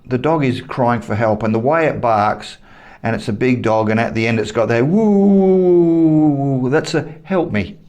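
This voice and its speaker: A man's voice: medium pitch, steady tone, normal speed. Angry, swearing Australian man ranting. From Western Australia. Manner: heated, blunt and profane, repeats himself for emphasis. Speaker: vlogger. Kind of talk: angry opinion rant to camera.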